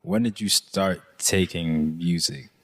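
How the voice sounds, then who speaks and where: Laid back podcast host guy, deep voice, takes his time. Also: fairly bright tone. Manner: laid-back, unhurried questions. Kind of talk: casual podcast chat.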